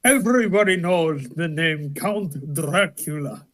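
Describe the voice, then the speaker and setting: A man's voice: on the high side, animated, a little slow, a bit bright. A man performing as a boastful vampire who claims Dracula's deeds, in a grandiose theatrical monologue. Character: boastful secret vampire rival of Dracula, male. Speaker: improv performer. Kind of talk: live improv monologue.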